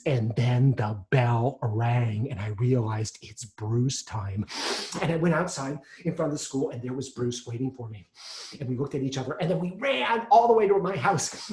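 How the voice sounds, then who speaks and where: A man performing an autobiographical solo monologue, animated, with lively pitch swings as he acts out scenes. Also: normal speed, echoey room.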